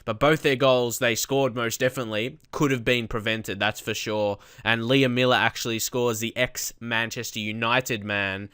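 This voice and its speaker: A young man commentating his own football management game, casual and prone to loud outbursts. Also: mid-range voice, moderate pace, hardly any pauses, smooth, no echo, studio quality. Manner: excitable, shouts at big moments. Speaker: gaming YouTuber. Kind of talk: let's play commentary.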